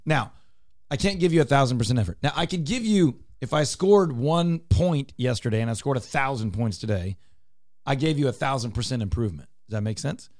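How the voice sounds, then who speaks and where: A man hosting a talk radio show, driving home each point with emphatic repetition. His voice sits at an ordinary middle pitch. The studio sound is close and dry, with no room echo. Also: lively intonation, a little fast, a little mellow. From Texas. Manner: emphatic, explanatory, repeats points. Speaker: radio show host, real estate broker.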